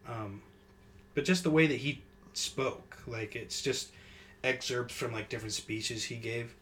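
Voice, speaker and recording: A man hosting a casual podcast, talking in long rambling stretches full of fillers and breaking into animated impressions. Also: mid-range voice, a little slow, a little hiss or hum, poor audio. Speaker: podcast host.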